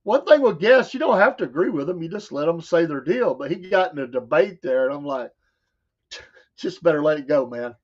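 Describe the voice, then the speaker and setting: A man's voice: a little high, animated, quick pace, hardly any pauses, slightly rough. A man with a Southern US accent, co-hosting a talk show and telling stories in a casual chat, laughing often and quoting people in voices. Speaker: show co-host. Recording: dull lo-fi sound.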